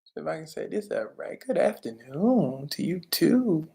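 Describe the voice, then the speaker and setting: A woman hosting a casual live stream, upbeat and greeting her viewers by name, sometimes calling out loudly. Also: low voice, big pitch swings, moderate pace, gravelly. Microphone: camera mic. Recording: roomy echo.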